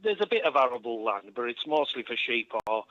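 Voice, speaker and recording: A man's voice: mid-range voice, big pitch swings, fairly quick, fairly bright tone, no room sound. A man calling in to a comic chat show, joking in a mock-posh way and calling the host dear boy. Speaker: caller. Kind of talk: casual comic phone chat. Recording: muffled phone-line call.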